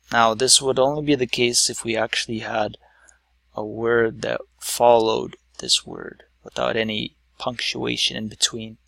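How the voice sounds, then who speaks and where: A man's voice: mid-range voice, vocal fry, a bit bright, dry recording. A man teaching a lesson at a whiteboard, explaining patiently step by step with some fillers.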